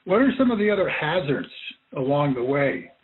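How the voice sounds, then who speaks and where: A high-voiced man asks brief questions as a podcast host. His voice is breathy and husky, and it arrives thin and narrow like a phone call. He sounds far off. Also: very animated, normal speed. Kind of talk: interview questions. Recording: tinny, distant phone-like line.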